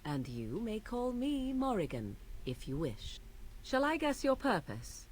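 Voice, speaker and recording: Haughty young witch of the wilds, slow and archaic, lively lilt. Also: medium pitch, slight background noise. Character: aloof mysterious young witch woman of the wilds.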